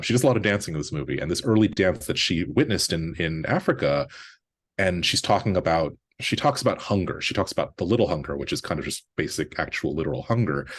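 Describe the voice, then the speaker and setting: A man with a notably deep, low voice speaks as a guest film critic. He talks in relaxed conversational analysis and often restarts his sentences mid-thought. Now and then he lifts his voice to quote a character. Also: breathy edge.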